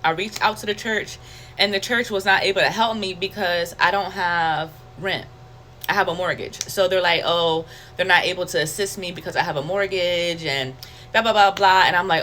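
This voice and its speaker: Speaking at a moderate pace in a fairly low voice, a testimony vlogger recounts her personal faith story in a candid, conversational way. She animates it by quoting her own inner thoughts aloud, and a faint hiss or hum is audible.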